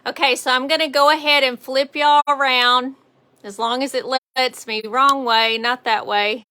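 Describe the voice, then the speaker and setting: Chatty Southern woman, bright voice. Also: high-pitched, steady tone, normal speed. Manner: chatty, greets viewers by name. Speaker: painting instructor on a livestream. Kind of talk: casual live painting tutorial. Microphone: phone on a mount.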